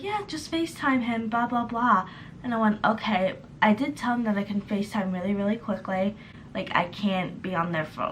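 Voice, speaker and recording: Young woman, vlogger, storytime tale, animated retelling, medium-pitched voice, faint background hiss. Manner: animated retelling, acting out quoted texts. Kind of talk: storytime vlog.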